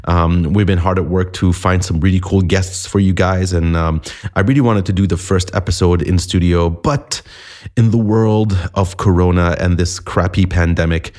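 A man's voice: low voice, steady tone, normal speed, a little mellow. A man hosting a podcast in a chatty, self-deprecating monologue, a little sniffly from a cold. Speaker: podcast host.

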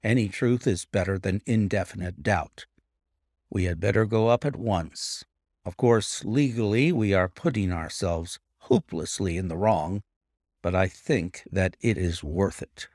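A man voicing a calm, measured male detective in a storybook reading. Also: deep voice, no echo, clean studio sound, pitched below the performer's own voice.

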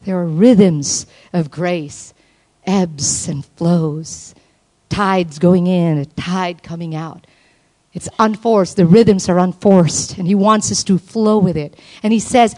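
A woman preaching a sermon at a women's conference, passionate, swinging from soft low appeals to high exclaiming calls. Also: takes it slowly.

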